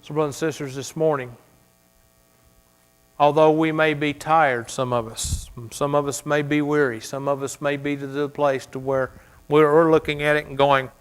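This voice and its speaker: A man's voice: on the high side, level tone, moderate pace, smooth. Male pastor preaching with dramatic swings. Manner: dramatic storytelling, swinging from soft to loud. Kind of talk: sermon. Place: church.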